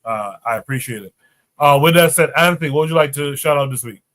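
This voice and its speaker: A man hosts a casual livestream talk show with a bright, forceful voice. He keeps things relaxed and loose, leaning on filler words as he hands the mic to each guest. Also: on the high side, fast talker. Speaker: host.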